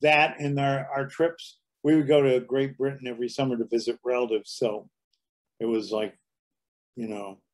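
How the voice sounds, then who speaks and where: A man's voice: medium pitch, level tone, moderate pace. A man in his seventies, a guest comedian telling anecdotes in a casual interview, slipping into dialect impressions. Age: 70s.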